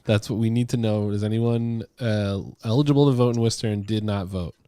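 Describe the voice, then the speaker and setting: A man co-hosting a casual panel chat, easygoing and quick to laugh. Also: lowish voice, fairly even intonation, mellow, clean tone, dry recording, clean studio sound. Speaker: co-host.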